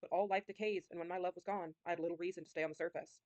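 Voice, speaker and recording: A woman reading a calm, detached ancient male phantom living in the sewers, in a measured, unbothered way. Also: fairly low pitch, dry recording, highs cut off, close to an everyday voice.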